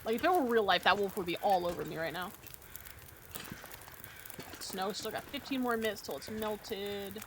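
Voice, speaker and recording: A woman's voice: mid-range voice, normal speed, pauses often, noisy background. A woman streaming a survival game, talking casually, joking and swearing freely. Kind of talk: casual gameplay commentary.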